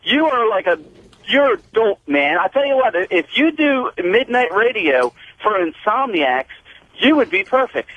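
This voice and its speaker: A man's voice: sits high, sing-song, measured pace, narrow, tinny audio. A man calling in to a radio show, insulting the host with scorn. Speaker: radio caller.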